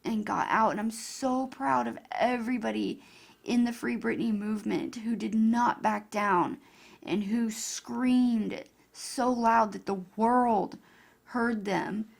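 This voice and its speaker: Gushing woman vlogger with heavy vocal fry. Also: on the high side, slow pace. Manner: gushing, emotional, chatty. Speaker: YouTuber. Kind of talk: casual vlog commentary.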